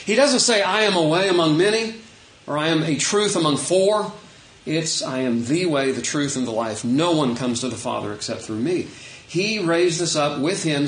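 A man preaching an unscripted, conversational sermon as pastor, shifting between emphatic points and quiet asides. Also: a little high, roomy sound, poor audio.

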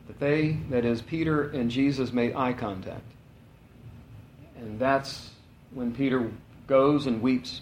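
A man preaching a sermon in a conversational, animated way, with casual asides. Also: mid-range voice, echoey room, poor audio.

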